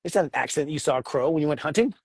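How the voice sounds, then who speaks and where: A man co-hosting a casual spiritual talk about astrology, animated and joking. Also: very fast, creaky, breathy edge, no room sound. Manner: animated, jokes, acts out voices with big pitch jumps. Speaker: astrology show co-host.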